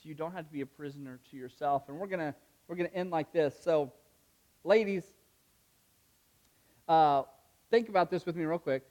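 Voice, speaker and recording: A young male pastor preaching in a lively, conversational way, packed with "like" and quick asides. His voice sits high and swings up as he gets excited. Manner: animated, conversational preaching with many fillers. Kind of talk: sermon.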